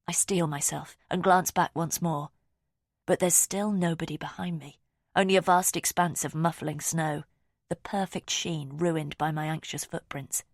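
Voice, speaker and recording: Woman audiobook narrator, lower pitch, hushed and tense, dry close-mic read. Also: no echo. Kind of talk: first-person thriller narration.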